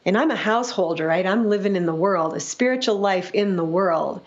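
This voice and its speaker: A woman's voice: mid-range voice, fairly quick, dull audio. A woman in her fifties, a music and sound-healing teacher, answering questions in a reflective, teacherly way and often checking in with "right?".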